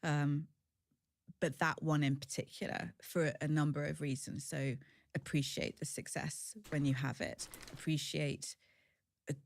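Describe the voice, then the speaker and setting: A woman's voice: sits low, level tone, moderate pace, creaky, dry recording, clean studio sound. A woman in her forties speaking as an interview guest, frank, chatty and self-deprecating. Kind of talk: candid conversational storytelling.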